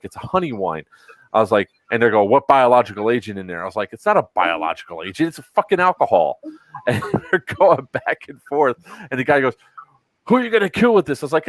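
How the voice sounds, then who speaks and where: A man's voice: mid-range voice, a bit bright, no echo. A man hosting a casual podcast, telling a long story with plenty of swearing and acting out other people's lines. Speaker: podcast host.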